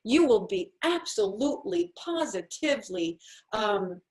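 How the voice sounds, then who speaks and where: A woman's voice: mid-range voice, sing-song, unhurried, a little mellow. A woman home-organizing coach giving a chatty, encouraging talk while sharing her screen. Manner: chatty and encouraging, acts out little quoted voices.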